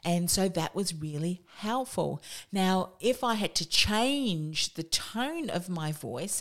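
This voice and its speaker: A woman with a slightly low voice coaches listeners on a motivational podcast. She talks quickly and emphatically and circles back to repeat her main points. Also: animated. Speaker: business coach and podcast host.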